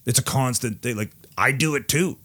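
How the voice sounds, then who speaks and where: A man co-hosting a casual podcast, blunt and animated, swearing heavily as he rants. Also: medium pitch, normal speed, breathy edge. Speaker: podcast co-host.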